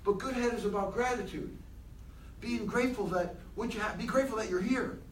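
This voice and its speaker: A man giving an animated motivational talk to a room of people, asking them many questions. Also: sits high, brisk, roomy sound, recorded from a distance, slight background noise, rough recording. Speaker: motivational speaker.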